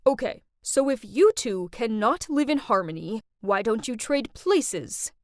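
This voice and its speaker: A woman's voice: fairly high pitch, big pitch swings, a little slow, dry recording. Fed-up firm dad for a cartoon storybook, dry close sound, a woman acting him. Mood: calm explaining. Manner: firm, commanding. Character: stern fed-up father, middle-aged man.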